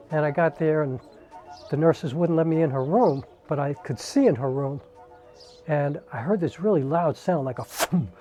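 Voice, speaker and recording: With a fairly high pitch and a warm tone, a man from the New York area, a singer, shares a family story directly to camera. His delivery is casual and conversational, full of "um" and "like."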